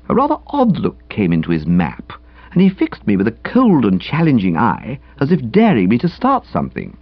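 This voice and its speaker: A man reading a comic novel aloud in a breezy, chatty, very expressive manner. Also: medium pitch, moderate pace, no echo, dull audio. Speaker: audiobook narrator. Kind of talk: comic audiobook narration.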